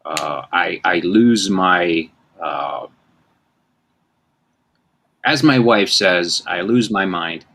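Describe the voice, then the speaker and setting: A man's voice: deep voice, drawn-out words, pauses often, a bit bright. A man in his fifties, hosting a casual chat and telling rambling, self-mocking stories. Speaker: host.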